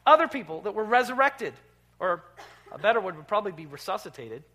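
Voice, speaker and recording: A man preaching a sermon as pastor, emphatic, dropping low and then rising loud. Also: sing-song, fast. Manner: emphatic, swings from quiet to loud. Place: church sanctuary.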